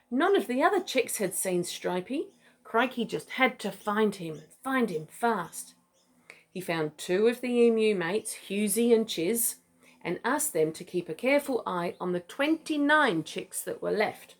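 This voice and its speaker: Mum reading to her kid, lively up-and-down voice, playful asides. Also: medium pitch, unhurried. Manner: playful, chatty asides and laughs. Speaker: mother reading to her child. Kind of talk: reading a picture book aloud.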